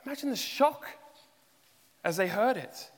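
A man's voice: high voice, expressive, measured pace, long reverb tail. A man preaching a sermon, asking the listeners many rhetorical questions and pushing his voice up for emphasis.

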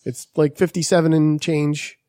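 Brief: New man, podcast host, swears a lot, slightly high voice, dry close mic. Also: flat delivery, moderate pace, warm tone, no room sound. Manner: profane, rambling storyteller. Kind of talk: casual chat.

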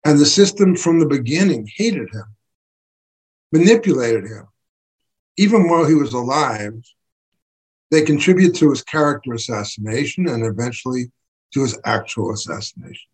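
A man giving an impassioned political talk as an activist writer, emphatic and building to forceful bursts. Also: mid-range voice, lively intonation, normal speed, pauses often, husky, low-quality recording.

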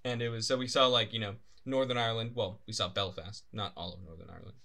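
A man's voice: on the low side, steady tone, fast, vocal fry, sharp tone. A young man co-hosting a podcast in casual chat, rambling and laughing often, swearing now and then. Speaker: podcast co-host. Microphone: desk microphone.

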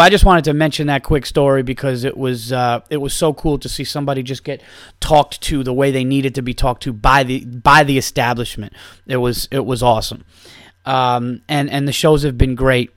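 A man in a casual podcast monologue, rambling and swearing freely as he tells a story, circling back and restarting his sentences. His pitch sits right in the middle for a man. The sound is close and dry, with no room around it. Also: fairly even intonation, fairly quick, fairly bright tone, dry recording. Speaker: podcast host and stand-up comedian.

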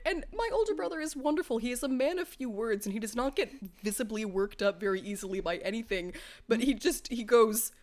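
Young woman, high pitched, animated storyteller, casual podcast chat, keeps laughing. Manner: animated, laughs while telling. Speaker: podcast co-host.

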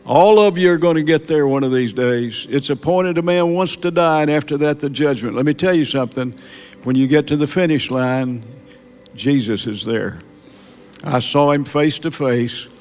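Man, preacher, sermon, slightly high-pitched, halting, repeats words, emphatic peaks. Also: a little mellow. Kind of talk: sermon testimony.

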